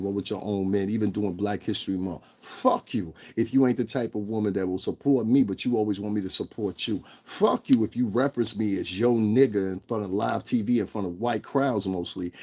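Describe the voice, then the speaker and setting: A man's voice: lowish voice, a little mellow, husky. A man ranting in a profane, blunt commentary vlog, stressing his points and laughing between them. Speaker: vlogger.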